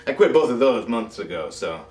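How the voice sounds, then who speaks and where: Deadpan man hosting a comedy show. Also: medium pitch, a little fast, distant mic. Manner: dry, deadpan, self-mocking asides. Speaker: talk show host. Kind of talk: comic monologue. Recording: roomy echo, off mic, faint music.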